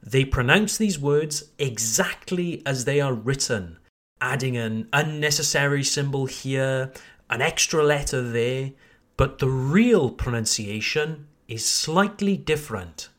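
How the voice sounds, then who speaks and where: Slow, deliberate male English teacher. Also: mid-range voice, animated, fairly bright tone. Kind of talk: podcast lesson for learners.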